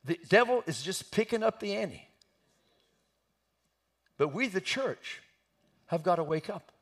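A man preaching an impassioned sermon, building to shouts at the peaks of his points. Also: high-pitched, expressive, a little slow.

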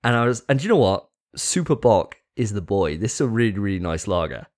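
A man's voice: lowish voice, animated, a little fast, a little mellow. A man hosting a casual podcast chat, joking with crude banter. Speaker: podcast host.

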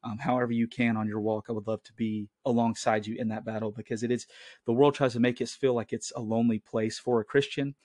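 A man's voice: medium pitch, level tone, fast talker, darkish tone, dry recording. A man in his late twenties hosting a Christian podcast from home on his own mic, talking in an earnest, rambling way. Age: late 20s. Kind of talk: casual solo podcast talk. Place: at home, family in the next room.

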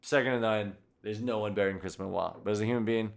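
A man hosting a podcast in casual chat, talking excitedly with lots of swearing and acting out quotes. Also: lowish voice, fast talker, creaky. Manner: excited, profane, acts out quotes. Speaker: podcast host.

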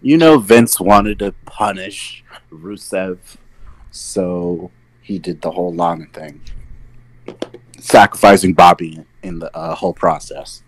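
A man with a lowish voice chatting on a podcast. He recounts things he's seen in a loose, easygoing way, peppered with "like" and "you know.". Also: takes it slowly, low-quality recording. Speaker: podcast co-host. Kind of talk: casual chat.

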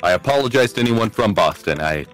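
A man's voice: on the low side, lively intonation, fast talker, a bit bright, faint music behind. A man who jokes and laughs often while playing a tabletop game on a live stream. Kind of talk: casual chat on a live stream.

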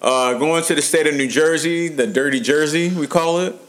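A man hosting a podcast, reading out shout-outs in a hyped, slangy, profane way. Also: a little high, normal speed, background noise. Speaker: podcast host.

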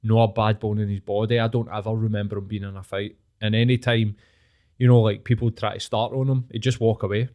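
A man's voice: lowish voice, little pitch movement, fairly quick, dark tone. A Scottish man in his late thirties with a Glaswegian accent, telling frank, swear-filled stories in a casual podcast chat. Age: 30s.

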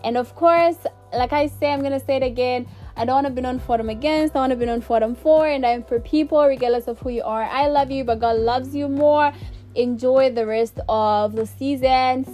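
In a casual solo podcast outro, a young woman host thanks her listeners repeatedly, warm and effusive, laughing to hold back tears. She speaks briskly in a high voice with a steady tone, soft music in the background.

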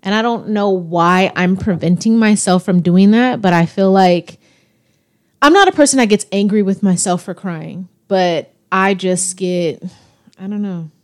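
Woman co-host, soft-spoken and reflective, casual podcast talk. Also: medium pitch, unhurried, clean tone. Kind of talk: casual chat.

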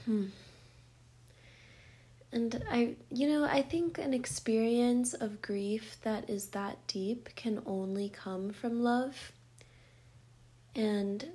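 Woman host talking softly and slow, thinking out loud. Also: mid-range voice. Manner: soft, thoughtful, drawn-out phrasing. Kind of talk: reflective conversation.

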